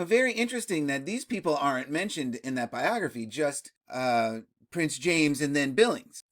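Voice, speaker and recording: Host for a casual history explainer: keeps asking "right?", laughs a lot, bursts up in pitch when amused, middle-pitched voice. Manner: tags sentences with "right?", laughs often.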